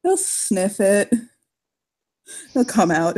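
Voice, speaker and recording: A woman's voice: on the low side, fairly quick, darkish tone, faint music behind. A woman narrating her character in a tabletop game, swearing casually and laughing often. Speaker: tabletop player. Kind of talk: casual role-play narration.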